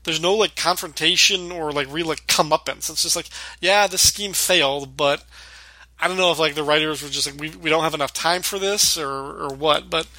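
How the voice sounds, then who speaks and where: Recapping a sitcom episode, this podcast host speaks at a moderate pace in a bright, ringing tone that sits higher than typical for a man. His talk is rambling and laced with "like," he acts out quotes, and the dry, close sound has almost no room.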